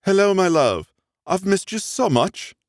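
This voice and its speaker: A man's voice: fairly high pitch, very animated, moderate pace, dry recording, clean studio sound, pitched above the performer's own voice. A male audiobook narrator voicing a proper woman around thirty, a devoted mother with an accent who speaks in a cool, prim, clipped way.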